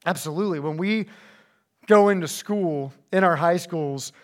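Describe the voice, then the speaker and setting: A young man giving a casual, animated sermon to high school students, slipping into voices as he reads scripture. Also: moderate pace. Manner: animated, conversational, acts out voices when reading scripture. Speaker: youth pastor. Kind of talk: youth sermon.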